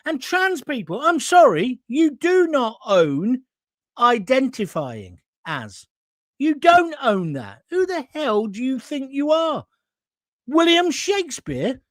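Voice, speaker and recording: A man's voice: very high voice, big pitch swings, slow pace, fairly bright tone, no echo, studio quality. An older man hosting a live opinion show, reading out viewer comments and ranting with indignation and sarcasm. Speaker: host.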